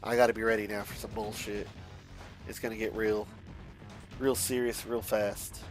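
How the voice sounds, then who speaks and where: A young man from a Mexican family, a streamer chatting casually and rambling, swearing often and restarting his sentences. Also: on the low side. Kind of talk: casual rambling chat while playing a driving game.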